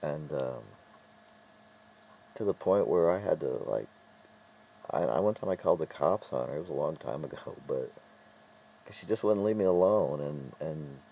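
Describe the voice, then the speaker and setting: A middle-aged man telling stories in a casual vlog monologue, rambling and halting with frequent restarts. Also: rumbling low, animated, vocal fry, warm tone, low-quality recording. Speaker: vlogger.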